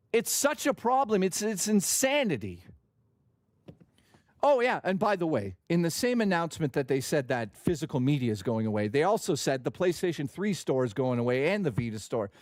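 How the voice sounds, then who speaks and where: A man's voice: fairly high pitch, dry recording, clean studio sound. A man hosting a live stream, ranting in a heated, profane, worked-up way. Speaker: streamer host.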